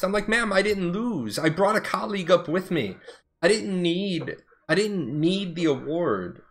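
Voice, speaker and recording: Speaking at normal speed in a high voice with lively intonation, a middle-aged man who once served as an Air Force officer chats casually through his stories. He's blunt and profane, and he digresses in the middle of a tale.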